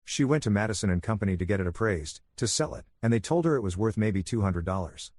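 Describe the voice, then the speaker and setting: A man voicing an outraged middle-aged mother yelling over the phone, reading her in his own calm voice. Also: fairly low pitch, quick pace, no echo, studio quality.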